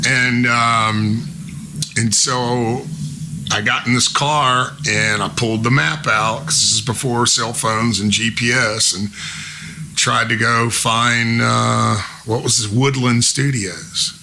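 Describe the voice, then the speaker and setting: A man in his fifties, a musician guest telling stories in a casual, animated way and imitating the people he quotes. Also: mid-range voice, takes it slowly, creaky, slight background noise. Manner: animated storyteller who mimics the people he quotes. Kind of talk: casual storytelling.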